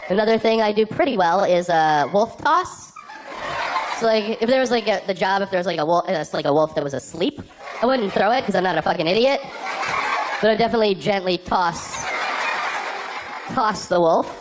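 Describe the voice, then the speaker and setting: A male stand-up comedian delivering his set in a halting, deadpan ramble full of fillers. The recording is noisy, with clicks running through it. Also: sits high.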